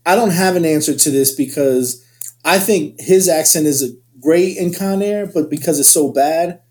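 A man's voice: fairly high pitch, normal speed, darkish tone. A man co-hosting a casual chat, rambling and restarting his sentences often. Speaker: podcast co-host.

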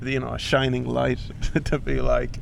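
A man's voice: medium pitch, monotone, measured pace, vocal fry, slight background noise. A young man telling a comic story on a podcast, swearing freely and acting out the voices of other people. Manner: swears a lot, acts out voices. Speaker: podcast co-host.

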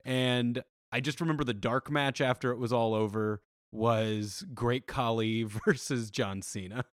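A young man co-hosting a casual chat podcast, jokey and quick to laugh. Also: medium pitch, steady tone, dry recording, studio quality. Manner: jokey, does mock impressions, laughs often. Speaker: podcast co-host.

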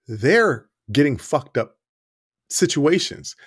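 A man's voice: on the high side, slow, slightly rough, no echo. A man co-hosting a podcast in a studio, telling casual, profane, laughing stories about his personal-training clients. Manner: profane, animated, laughing storyteller. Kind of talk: casual chat. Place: studio under hot lights.

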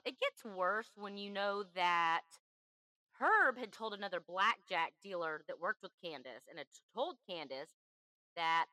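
A woman's voice: mid-range voice, bright, forceful tone, no echo, rough recording. A woman hosting a true crime podcast, telling the story in an emphatic, chatty way. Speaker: podcast host.

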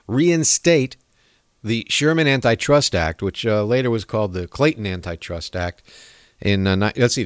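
A man's voice: mid-range voice, no echo. A man talks through his political opinions on his own show, wandering from point to point with sarcastic asides. His voice rises and falls a lot as he goes. The recording is dry, with no room sound. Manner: rambling, sarcastic, with chuckles. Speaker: podcast host.

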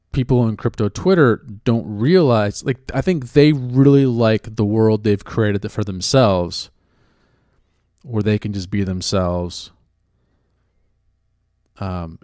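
A man's voice: mid-range voice, darkish tone, clear, resonant tone, no echo, studio quality. A man from California who works as an actor and writer talks in a casual chat. He is sarcastic and profane, and he rambles with many restarts.

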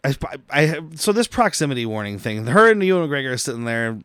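Podcast co-host, male, resonant clear voice, dry close mic, animated recap style. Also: mid-range voice, quick pace, no room sound. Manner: animated storyteller, acts out characters' lines. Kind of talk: casual movie recap chat.

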